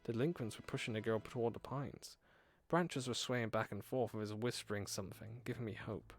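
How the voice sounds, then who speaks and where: A man's voice: lowish voice, brisk, no room sound. A man streaming a horror visual novel, reading the story aloud dramatically with laughing asides. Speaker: gaming streamer.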